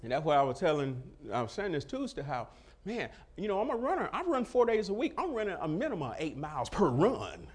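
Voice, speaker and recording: Man, middle-aged, preacher, lively swooping delivery, storytelling sermon. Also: a little high, quick pace, hardly any pauses, breathy edge. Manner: animated storytelling, acting out dialogue, laughing. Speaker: pastor. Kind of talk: sermon testimony.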